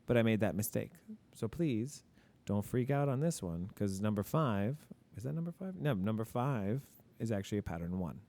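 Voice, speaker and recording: A man's voice: lowish voice, lively intonation, normal speed, hardly any pauses, dark tone. A male teacher talking through grammar examples in a casual lesson, asking and answering his own questions. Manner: casual, admits mistakes openly.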